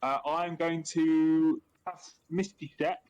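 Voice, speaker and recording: A man's voice: a little high, level tone, slow pace, a little mellow, clean tone, lo-fi sound. Matter-of-fact Australian man player. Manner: plain, matter-of-fact, jokey. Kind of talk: casual chat at a game table.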